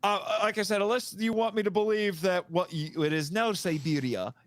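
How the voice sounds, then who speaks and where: A man's voice: sits high, moderate pace. A man co-hosting a podcast, chatting casually and meandering, laughing easily. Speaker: podcast co-host.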